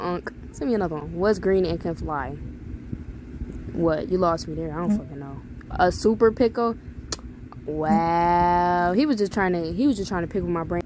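A woman's voice: lowish voice, moderate pace, a little hiss or hum, poor audio. Sassy, profane young woman gamer. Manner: loud, profane, reacting and reading texts aloud with sass. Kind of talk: casual gameplay commentary.

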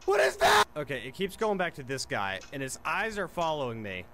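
A young gaming host talks his way through a scary game, joking at his own fear. His voice swings from mutters to shrill yelps. A steady wash of noisy game sound runs under him. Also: fairly quick. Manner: jumpy, screams at scares, self-mocking jokes. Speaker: gaming YouTuber. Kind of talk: horror gameplay commentary. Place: home bedroom.

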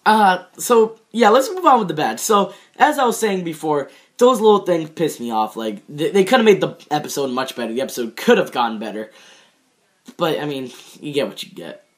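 A man's voice: a little high, big pitch swings, normal speed. A young man in his teens giving a casual, rambling review of a TV episode, full of fillers and restarts and laughing at his own jokes. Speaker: show reviewer.

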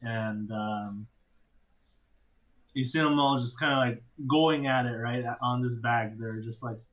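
A man's voice: medium pitch, a bit bright, rough recording. Young man narrating as game master. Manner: loose, halting narration with frequent restarts.

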